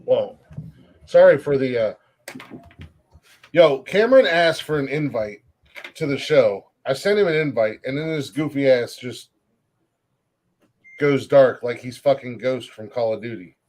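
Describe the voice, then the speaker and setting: A man's voice: medium pitch, expressive, measured pace, long pauses, darkish tone. Profane rambling male podcast co-host. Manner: profane, rambling, laughs often. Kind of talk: crude casual comedy chat.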